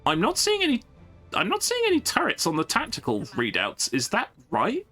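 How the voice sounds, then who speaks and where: A man's voice: sits high, huge pitch swings, moderate pace, bright, forceful tone, faint music behind. A man giving casual, jokey live-stream commentary while playing a strategy game, often stumbling and restarting his sentences.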